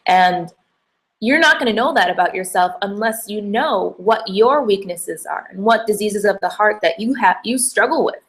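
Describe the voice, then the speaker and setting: A woman's voice: medium pitch, animated, normal speed. Chatty young woman telling a heartfelt story. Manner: chatty, emotional, lots of "like" and "um". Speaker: hijab brand founder giving a faith talk. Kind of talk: personal storytelling to camera.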